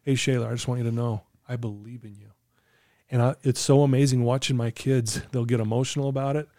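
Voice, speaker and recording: A middle-aged man speaks in an earnest, coaching way, telling stories as a guest on a podcast. His voice is warm and mellow at a middle pitch. The sound is dry and close. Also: steady tone, quick pace, no room sound. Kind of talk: casual podcast chat.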